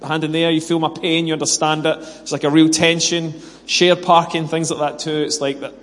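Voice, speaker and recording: A man's voice: fairly high pitch, level tone, fairly quick, in a large hall. A British man preaching a sermon with prayer and personal stories, earnest and self-deprecating, acting out bits of dialogue. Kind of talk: sermon with scripture reading, prayer and personal story.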